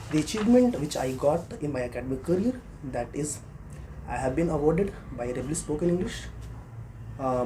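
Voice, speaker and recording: A man's voice: medium pitch, dark tone, slight background noise. A man in his twenties from Bihar with an Indian accent, answering questions as a candidate in a mock job interview, hesitant with many fillers and growing insistent when he argues. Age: 20s.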